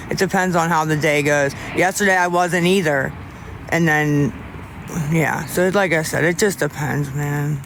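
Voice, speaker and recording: Brief: man, fairly high voice, halting candid livestream chatter, faint background noise. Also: vocal fry, fairly bright tone. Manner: rambling and halting, lots of restarts, candid. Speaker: livestreamer talking to viewers. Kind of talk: casual livestream chat.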